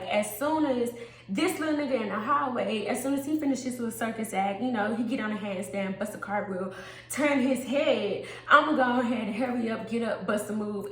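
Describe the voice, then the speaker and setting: A woman telling a wild story in an animated, profane, laughing way. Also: a little high, reverberant. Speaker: storytime vlogger. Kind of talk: casual storytime monologue.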